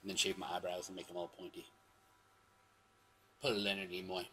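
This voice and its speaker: A man's voice: sits low, level tone, brisk, bright, forceful tone, slight background noise. A man hosting his own video show, telling stories in a rambling, self-correcting way with sudden exclamations. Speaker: vlog host. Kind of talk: casual storytelling monologue.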